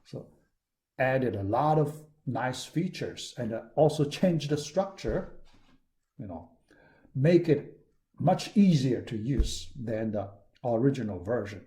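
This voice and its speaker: A man lecturing to his class at an unhurried, slow pace. His voice is mellow and dark, and he talks in a halting way, stopping and restarting often. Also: mid-range voice, lively intonation. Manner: halting, many fillers and restarts. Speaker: university lecturer. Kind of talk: recorded lecture.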